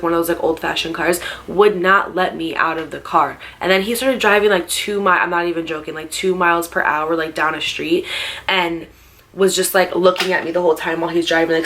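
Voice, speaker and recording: Lowish-voiced young woman telling a story. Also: a bit bright, slight background noise. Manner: emphatic, heavy use of "like". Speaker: storyteller vlogger. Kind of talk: casual storytime.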